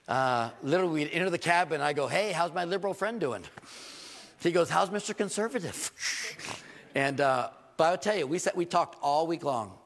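A man preaching with a gravelly edge and a voice pitched a little high for a man. His storytelling delivery rises to emphatic points, and long reverb from a large church hangs after his words. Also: fairly bright tone. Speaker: pastor. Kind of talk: sermon.

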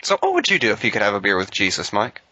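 A man's voice: fairly low pitch, huge pitch swings, rapid-fire, pushed and bright, dry recording, muffled recording. A man co-hosting a casual podcast chat, making dry, wry quips. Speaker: podcast co-host.

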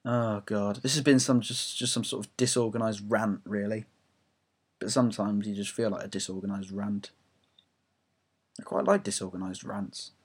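A man's voice: fairly low pitch, steady tone, normal speed, slightly rough. A young English man ranting about football on his own audio blog, rambling, self-mocking and swearing freely. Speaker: football fan blogger.

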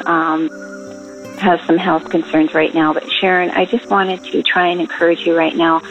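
A woman from Alberta, Canada calls in with warm encouragement, pausing often with ums. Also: fairly low pitch, creaky. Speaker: caller. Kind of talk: phoned-in encouragement. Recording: dull lo-fi phone line.

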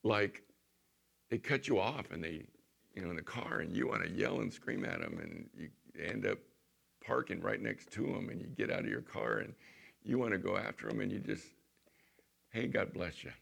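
A man's voice: lowish voice, moderate pace, creaky, fairly bright tone, slightly rough. A man preaching a sermon as pastor, reading scripture aloud with rising emphasis and then talking it over in a plain, chatty way.

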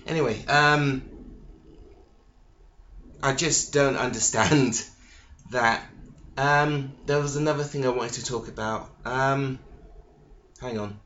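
A man hosting a solo podcast, talking casually in a halting, hesitant way, full of ums, restarts and swearing. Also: mid-range voice, steady tone, fairly bright tone, a little hiss or hum. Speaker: podcast host. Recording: echoey, dull lo-fi room recording.

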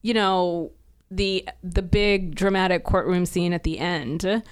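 A woman's voice: on the low side, steady tone, slow pace, smooth. A woman co-hosting a podcast, talking in a casual, opinionated and candid way. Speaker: podcast co-host. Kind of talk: casual chat.

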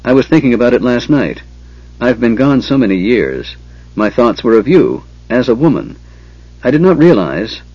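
A man's voice: medium pitch, big pitch swings, normal speed, a little mellow, breathy edge, no room sound, muffled recording. A man reading aloud, voicing a stern, bitter tribal warrior who talks tersely and coldly. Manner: terse, cold.

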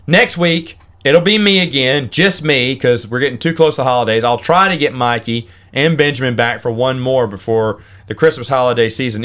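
A man's voice: medium pitch, fairly bright tone, clear, resonant tone. Rambling male podcast host. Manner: rambling, self-interrupting, repeats words. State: hiccuping. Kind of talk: solo podcast chat.

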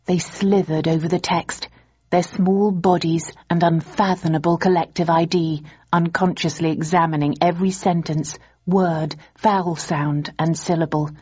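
A woman reads a novel aloud in an even, measured way, her voice husky and pitched on the low side. The recording sounds dull and lo-fi, like an older audiobook. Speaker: audiobook narrator. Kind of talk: scripted narration.

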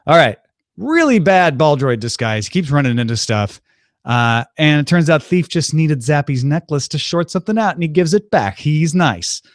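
A man hosts a casual podcast, recapping a film in a breezy, jokey way and now and then mimicking the characters. His voice sits fairly high. The sound is dry and close to the mic. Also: sing-song, no echo. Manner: breezy, jokey, slips into quick impressions of characters.

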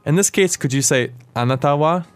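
A man hosting a podcast language lesson, explaining words clearly and asking his co-host questions. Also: a little high, fairly quick, soft background music.

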